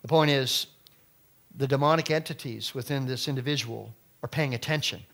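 A middle-aged man preaches a sermon in a slightly high voice. He drives his points with loud, stressed phrases. Then he drops into quiet, low asides. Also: moderate pace. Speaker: pastor.

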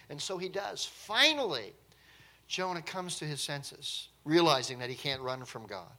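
A man's voice: fairly high pitch, expressive, measured pace, bright, forceful tone. A man preaching a sermon in a conversational, emphatic way, with light chuckles now and then.

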